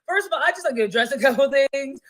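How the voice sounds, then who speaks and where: Animated woman podcast host, blunt and cussing, voice sits a bit high. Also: rapid-fire, rough recording. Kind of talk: casual gossip commentary.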